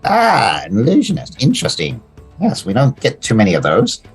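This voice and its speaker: A man's voice: medium pitch, huge pitch swings, normal speed, gravelly, breathy edge, soft background music, voice pushed up, heavily acted. A man voicing a fussy, officious male gnome clerk who stammers over his words.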